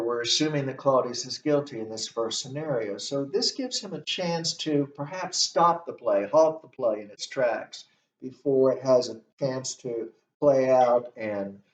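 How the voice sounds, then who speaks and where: A man teaching a literature lesson, explaining the text one line at a time in a measured, deliberate way. His voice sits at an ordinary middle pitch. It sounds dull and set back from the mic, with a roomy echo around it. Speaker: literature instructor. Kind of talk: recorded literature lecture. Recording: dull, distant, roomy recording.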